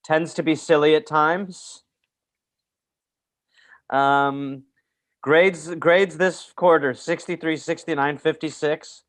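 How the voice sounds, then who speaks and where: A man with a somewhat higher voice hosts a casual podcast. He tells loose, rambling, jokey stories and reads out old report cards. He speaks close into a podcast mic. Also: steady tone, slow pace, pauses often, a bit bright. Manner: rambling, jokey, reads aloud and acts out quotes. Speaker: podcast host. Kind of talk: casual storytelling chat.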